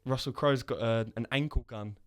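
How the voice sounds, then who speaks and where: A man's voice: mid-range voice, moderate pace. A man co-hosting a casual film podcast, retelling scenes and acting out the lines. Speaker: podcast co-host. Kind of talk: casual film review chat.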